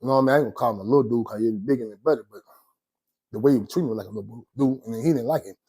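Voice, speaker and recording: Husky Atlanta man telling prison stories. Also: mid-range voice, racing, no room sound. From Georgia. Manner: animated, slangy, laughs often between lines. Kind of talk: casual storytelling.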